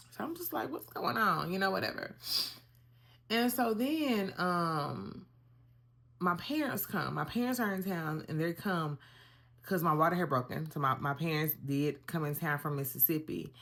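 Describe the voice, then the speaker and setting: Young woman vlogger, low voice, animated casual storyteller talking to viewers. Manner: animated, conversational, addresses viewers as y'all.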